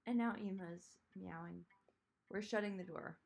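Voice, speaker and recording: A woman's voice: medium pitch, moderate pace, vocal fry. A woman hosting a live stream, chatting casually and rambling as she answers comments from chat. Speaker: streamer host.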